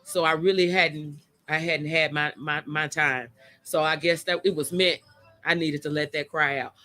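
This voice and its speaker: A woman hosts a casual livestream chat from outdoors, chatty and openly emotional. She greets her viewers by name in a bright, forceful voice. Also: low voice, fairly even intonation, moderate pace. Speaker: host of a live chat show. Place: outdoors by a motion-sensor light.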